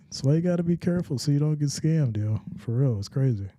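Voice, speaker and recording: Hushed, laid-back streamer man with a dark voice. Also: on the high side, animated, fast talker, no room sound, clean studio sound. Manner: laid-back, kept hushed so as not to wake his kids. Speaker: sports reaction streamer. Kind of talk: casual live-stream chat and play-by-play.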